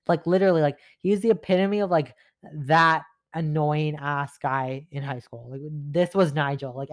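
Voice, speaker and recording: A man's voice: a little high, no room sound. Young man, vlog storytime, fired-up and ranty, filler-heavy, dry close sound. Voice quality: heavy filler 'like', frequent swearing. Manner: animated, exasperated, laughs mid-rant. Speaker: vlogger telling a story. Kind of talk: casual storytime monologue. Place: at home in front of a mirror.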